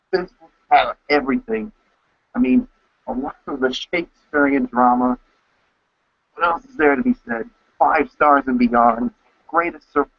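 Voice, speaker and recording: A man co-hosting a casual podcast recap, telling events with excitement and acting out his own reactions. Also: mid-range voice, no room sound. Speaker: co-host. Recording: dull lo-fi, dry sound.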